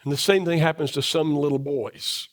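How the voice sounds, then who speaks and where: A middle-aged man preaching a sermon in a church, asking the congregation question after question, his voice dropping low and soft to drive points home. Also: steady tone, moderate pace. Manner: emphatic, asks the congregation rhetorical questions. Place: church sanctuary.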